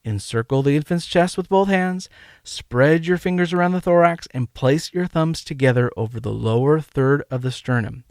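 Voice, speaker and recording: A man hosting a medical teaching podcast, delivering a scripted lecture in a measured, emphatic way and counting out rhythms aloud. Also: fairly high pitch, darkish tone, no room sound, studio quality. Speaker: podcast host and medical educator.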